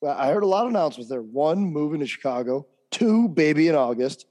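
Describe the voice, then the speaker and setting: Hyped-up man with a mellow, dark voice. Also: fairly high pitch, expressive, quick pace. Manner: hyped and jokey, with bro slang. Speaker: podcast co-host and strength coach. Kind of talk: casual podcast chat.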